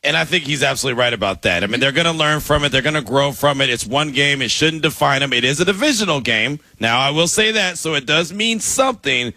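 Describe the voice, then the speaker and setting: A man co-hosting a sports talk radio show, animated and conversational, with a teasing edge. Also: a little high, fast talker, few pauses, dry recording. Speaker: radio co-host.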